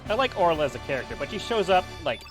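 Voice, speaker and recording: A chatty man joking his way through a video game stream, with a lively, animated pitch. Game music sounds clearly behind him. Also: very fast. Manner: chatty, joking, reading game text aloud. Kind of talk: casual let's play commentary.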